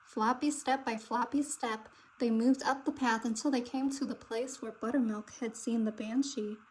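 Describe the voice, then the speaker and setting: A woman narrating a children's picture book aloud with expressive, dramatic delivery. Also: on the high side, moderate pace, husky, poor audio. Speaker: storybook reader.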